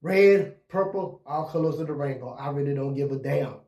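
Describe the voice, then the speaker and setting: Sex: man. Style: trash-talking wrestling promo. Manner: boastful, threatening, repeating short phrases. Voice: high. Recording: echoey room. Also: normal speed, a little mellow.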